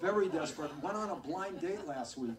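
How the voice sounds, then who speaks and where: A male stand-up comedian telling self-mocking, deadpan one-liners on a club stage. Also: a little high, brisk. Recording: echoey club, far from mic, crowd.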